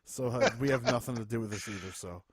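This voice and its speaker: A man co-hosting a podcast in casual, playful chat with loud bursts. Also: mid-range voice, quick pace, crowd noise. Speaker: podcast co-host.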